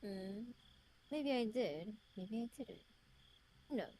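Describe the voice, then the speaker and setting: A woman's voice: mid-range voice, expressive, slow pace, dark tone, a little hiss or hum. A woman reading the lines of a smug, teasing otherworldly young man from a story game aloud, in a put-on British accent.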